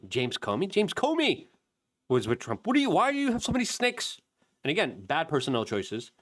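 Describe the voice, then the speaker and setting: A man hosting opinionated political commentary, emphatic and repeating points for stress. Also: medium pitch. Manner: emphatic, animated, repetitive for emphasis.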